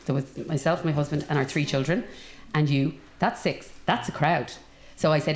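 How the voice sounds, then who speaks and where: A woman, who grew up in Ireland, telling a relaxed story on a discussion panel. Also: low voice, normal speed, few pauses, roomy sound.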